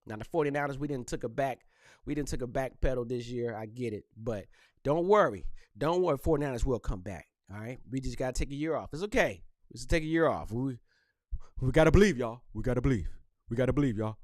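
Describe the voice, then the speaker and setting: A man hosting a podcast, talking casually and joking in loose, animated trash talk. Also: mid-range voice, quick pace, no echo, studio quality. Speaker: podcast host. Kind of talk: casual solo podcast rant.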